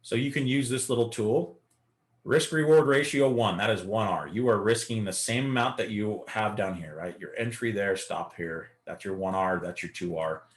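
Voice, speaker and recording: A man's voice: lowish voice, normal speed. A man teaching a live beginner day-trading lesson, coaching and talking through chart examples. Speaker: trading instructor.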